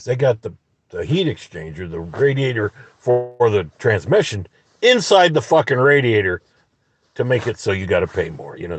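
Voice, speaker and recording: A man's voice: on the low side, breathy edge, no echo. A man telling a story in a profane, angry, rambling rant from inside a parked car. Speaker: vlogger. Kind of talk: ranting storytelling vlog.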